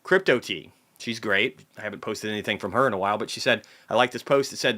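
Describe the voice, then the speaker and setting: Speaking fast with hardly a pause, this man has a fairly low voice that sounds pushed and bright. Hosting a market recap livestream, he swears heavily, rants in heated bursts, and reads out comments from viewers.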